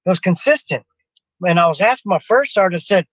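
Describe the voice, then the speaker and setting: An older man, a guest, tells a long, rambling personal anecdote, digressing, restarting phrases often, and calling the host by name. He talks fast with lively intonation in a slightly high, a bit bright voice. The low-quality recording sounds dry and close, with no echo or room sound.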